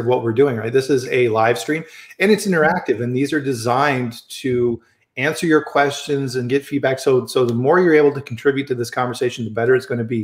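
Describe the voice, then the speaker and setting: A chatty, upbeat man hosts a casual live stream, greeting viewers and his guest by name. His voice sits at an ordinary middle pitch and carries the echo of a roomy home room. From American Midwest. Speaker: livestream host. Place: home studio, Colorado.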